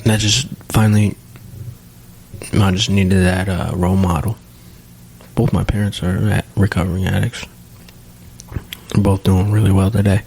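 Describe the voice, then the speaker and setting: A man with a low, gravelly voice and a husky edge talks candidly as a podcast guest. He is earnest and halting, restarts his sentences and keeps tagging on "you know". The recording comes from a home studio. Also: little pitch movement, darkish tone.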